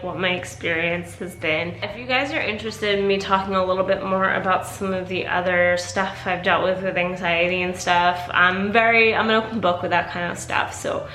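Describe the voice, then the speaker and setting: A woman's voice: mid-range voice, normal speed, few pauses, sharp tone. A tired woman vlogging candidly and casually, rambling with lots of fillers. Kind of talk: casual personal vlog talk. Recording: echoey room.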